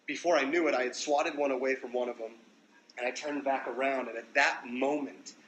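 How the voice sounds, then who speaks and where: Young man, mid-pitch, casual profane storyteller on a phone livestream, light background noise. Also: rough recording. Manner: loose, profane, animated storytelling. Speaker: musician livestreaming to fans.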